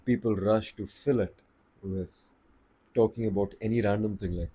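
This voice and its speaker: A man giving voice tips in a relaxed, unhurried, conversational way, slowing down to stress his points. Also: lowish voice, husky. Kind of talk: casual advice talk to camera.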